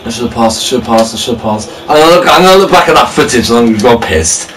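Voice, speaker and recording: A man's voice: mid-range voice, lively intonation, fast, a bit bright, far from the mic, slight background noise, poor audio. A young man playing a football video game, complaining and swearing as he loses. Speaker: gamer. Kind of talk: frustrated gaming banter.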